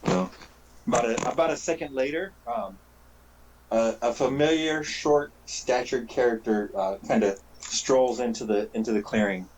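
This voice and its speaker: A man narrating a tabletop game as game master, casual and halting, with frequent fillers and restarts. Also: medium pitch, darkish tone, rough recording.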